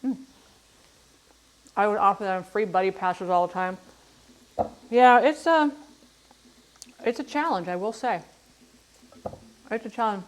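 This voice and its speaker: Her voice is fairly high, with a little hiss or hum on the recording. She's a middle-aged woman chatting casually while cooking on a livestream, rambling along and running herself down.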